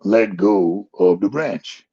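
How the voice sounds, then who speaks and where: A man voicing God as a calm, unhurried voice that repeats one plain command. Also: medium pitch, vocal fry, breathy edge, lo-fi sound, heavily acted. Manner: slow, flat, repeating the same command.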